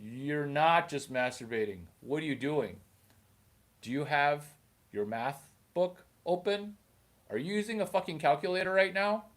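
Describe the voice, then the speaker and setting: A man voicing a strict, suspicious middle-aged father who scolds his son in rapid, shrill questions. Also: animated. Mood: scolding.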